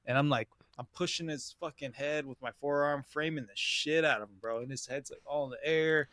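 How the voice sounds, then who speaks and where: A man's voice: on the high side, a little fast, fairly bright tone, dry recording, clean studio sound. Slangy young man telling a story. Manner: slangy, swears a lot, says "bro" often. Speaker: podcast host. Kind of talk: casual storytelling.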